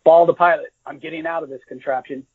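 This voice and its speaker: A man's voice: on the high side, fairly even intonation, fast, breathy edge, narrow, tinny audio. A man reading aloud and voicing a wry young bomber gunner in a storybook reading. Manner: wry, joking. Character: young adult male ball-turret gunner, wry soldier.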